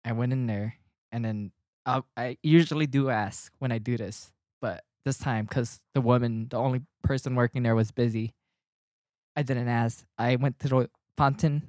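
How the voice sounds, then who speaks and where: A man on a podcast telling a story in casual chat, animated, swearing and laughing as he gets worked up. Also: medium pitch, moderate pace, no room sound, studio quality.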